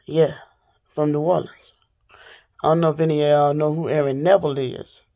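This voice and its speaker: Woman, gravelly, casual vlog rant, talks to viewers. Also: sits low, moderate pace. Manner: animated, talks straight to viewers. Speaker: vlogger. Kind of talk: casual storytime rant to camera.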